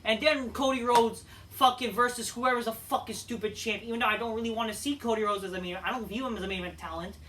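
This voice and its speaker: A woman's voice: on the high side, steady tone, fast talker, few pauses, fairly bright tone, distant mic, slight background noise. A woman giving a heated, profane ranting review as a wrestling show host.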